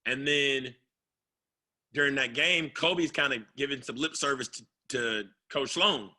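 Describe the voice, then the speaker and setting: Bright-voiced guy, playful, telling a locker room story, mid pitch. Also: a little slow. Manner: animated, playful, acts out what others said. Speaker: former basketball player telling a story. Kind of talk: casual storytelling in an interview.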